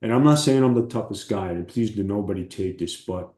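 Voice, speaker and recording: A man with a low, dark voice tells his stories in an animated, salty way, often putting on the voices of the people in them. The sound is roomy and echoey. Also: a little fast. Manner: animated, profane storytelling with acted quotes. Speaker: interview guest, former wrestler. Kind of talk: casual storytelling.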